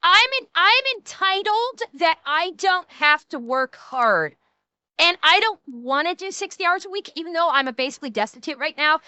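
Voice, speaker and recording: Brief: whiny entitled Valley Girl, as a woman mocks her, high and bright, dry close sound. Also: animated, dry recording, heavily acted. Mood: whiny mocking. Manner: mocking, drawn-out whining.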